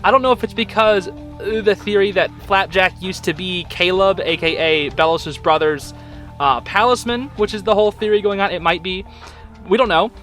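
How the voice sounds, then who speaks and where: A young man hosting a casual episode recap, excitable and informal, with slang and lots of fillers. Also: sits high, normal speed, soft background music. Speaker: host.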